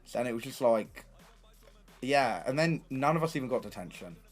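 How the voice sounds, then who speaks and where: A young man telling casual stories to his livestream chat, animated and swearing freely. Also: mid-range voice, moderate pace, soft background music. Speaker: streamer.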